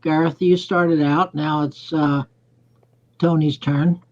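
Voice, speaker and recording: A man's voice: on the high side, flat delivery, takes it slowly, darkish tone. A man hosting a casual online group chat who reads a short poem of his own aloud. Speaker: live chat host. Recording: dull lo-fi call audio.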